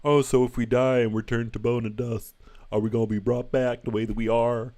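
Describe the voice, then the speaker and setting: A man's voice: mid-range voice, level tone, brisk, darkish tone, pitched above the performer's own voice, natural voice. A man voicing a doubting disbeliever who asks about being raised from dust, in a Southern American accent. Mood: incredulous. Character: doubting man questioning resurrection, Southern drawl.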